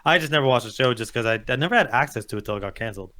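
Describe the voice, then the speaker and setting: A man's voice: mid-range voice, lively intonation, very fast, bright, forceful tone. A man co-hosting a casual live-stream chat, matter-of-fact, explaining and plugging events. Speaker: podcast co-host.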